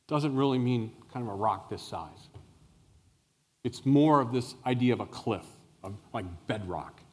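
A male pastor preaching a sermon, telling a Bible story with animated explanation and questions to the listeners. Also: mid-range voice. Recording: long reverb of a large hall.

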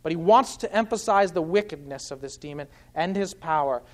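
A man's voice: a little high, lively intonation, brisk. A man preaching an expository sermon, earnestly explaining scripture point by point. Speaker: pastor.

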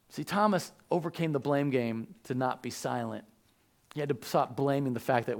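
A man preaching a sermon as a pastor, animated and joking, acting out the voices of biblical figures. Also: mid-range voice, moderate pace.

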